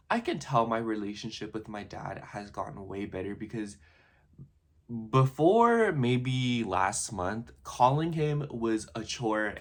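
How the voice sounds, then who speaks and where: Low-voiced young man rambling reflectively. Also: fairly bright tone. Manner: rambling and reflective, lots of "like" and restarts. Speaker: vlogger. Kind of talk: casual personal vlog monologue.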